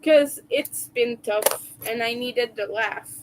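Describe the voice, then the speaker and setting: A woman's voice: fairly high pitch, slow, slight background noise, low-quality recording. A woman live-streaming while she crochets, chatting casually with viewers, laughing often and rambling through restarts. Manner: giggly, laughs often and hard. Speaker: crochet livestreamer.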